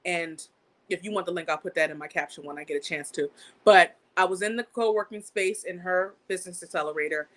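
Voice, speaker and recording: A young woman hosting her own channel, telling a story in a casual, animated way, swearing freely and jumping up in pitch when she gets outraged. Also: brisk. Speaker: channel host. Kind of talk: casual live-stream storytelling.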